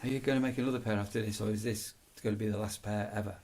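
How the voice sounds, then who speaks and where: A man's voice: on the low side, fairly even intonation, rapid-fire, darkish tone. A man vlogging at home at night, telling a rambling story and teasing his companion in casual chat.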